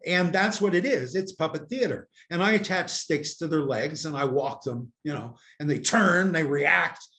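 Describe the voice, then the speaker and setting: An older man from the United States tells long, wandering stories in a casual interview, poking fun at himself and leaning on "you know." His voice sits a little higher than most men's, and it comes through a laptop's built-in microphone. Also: normal speed, fairly bright tone. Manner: rambling, self-mocking storyteller with many "you know"s. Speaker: interview guest. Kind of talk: casual video-call interview chat. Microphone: laptop camera microphone.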